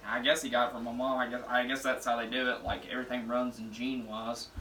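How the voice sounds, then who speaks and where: A young man in his twenties from Alabama rambling and joking in slang while he cooks, pitching himself for a cooking show. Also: flat delivery, fast, pushed and bright. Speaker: show applicant. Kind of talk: casual audition vlog while cooking. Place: home kitchen. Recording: echoey kitchen, voice from far off, faint noise.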